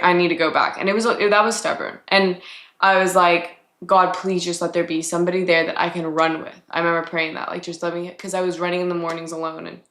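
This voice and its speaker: A woman's voice: fairly low pitch, fairly bright tone. A young woman in her twenties sharing a personal faith testimony on a podcast, chatty and reflective with many filler words. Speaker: podcast host. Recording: echoey room.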